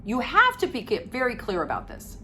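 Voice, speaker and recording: Animated woman giving blunt recovery advice. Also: fairly high pitch, a little fast, a little hiss or hum. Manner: emphatic, animated, acts out quoted family members. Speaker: codependency recovery coach. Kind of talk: direct-to-camera advice talk.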